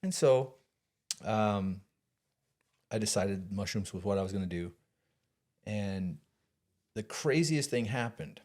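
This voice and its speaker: A man guest telling a long personal story in casual talk, animated, swearing and restarting often. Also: on the low side, slow, pauses often. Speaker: podcast guest.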